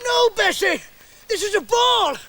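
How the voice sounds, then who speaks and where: A man's voice: extremely high pitch, lively intonation, unhurried, pushed and bright, slight background noise, exaggerated voice. An actor playing a panicking trapped man who shrieks and pleads frantically with his dog, in a children's TV comedy. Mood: exasperated.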